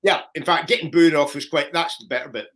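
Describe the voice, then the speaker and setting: A Scottish man from Edinburgh, a comedian host, telling a lively story in casual chat. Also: a little high, fast. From Edinburgh, Scotland. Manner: lively, laughing anecdote telling.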